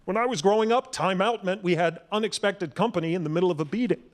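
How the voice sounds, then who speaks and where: High-voiced wry stand-up comic. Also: male voice, fast talker. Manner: wry, punchy delivery with shouted impressions. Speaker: stand-up comedian. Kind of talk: stand-up comedy set. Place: comedy club stage.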